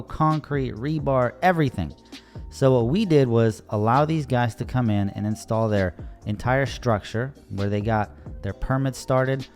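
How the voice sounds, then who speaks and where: A man's voice: medium pitch, a little mellow. Exasperated man telling a job story. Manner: casual and exasperated, acts out quoted dialogue. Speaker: landscaping contractor. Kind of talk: voice-over narration over timelapse.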